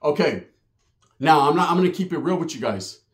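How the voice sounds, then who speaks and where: A man telling a profane, animated street story on his channel, slipping into voices for the people he quotes. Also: on the high side, fairly quick. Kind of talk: casual storytelling vlog. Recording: roomy echo.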